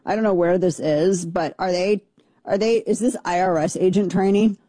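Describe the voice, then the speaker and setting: A talk radio host commenting on air in a joking, incredulous way and often repeating herself. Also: female voice, on the low side, fairly even intonation, moderate pace, warm tone, dry recording.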